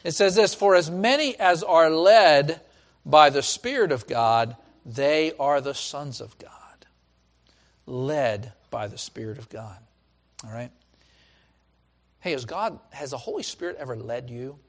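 A man in the pulpit delivering a sermon with energy, his voice sitting a little high for a man. He repeats phrases and restarts lines, rising loud for emphasis and dropping to hushed asides. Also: measured pace. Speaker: pastor.

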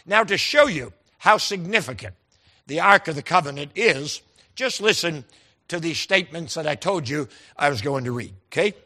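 A man's voice: fairly high pitch, lively intonation, normal speed, bright, forceful tone. A man preaching a sermon, telling folksy stories with quoted dialogue and stressing key words emphatically.

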